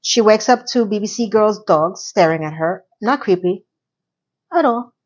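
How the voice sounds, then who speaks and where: A woman casually recapping and reviewing a TV episode, animated and sarcastic, swinging between loud and soft. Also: medium pitch, a little slow, dull audio. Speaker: TV review vlogger.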